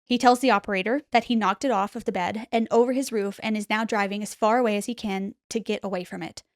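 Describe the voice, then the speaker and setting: A woman hosting a podcast, telling a spooky story in an animated, casual way and acting out the quotes. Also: mid-range voice, fast talker, dry recording, studio quality. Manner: animated retelling, acts out quotes. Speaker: podcast host.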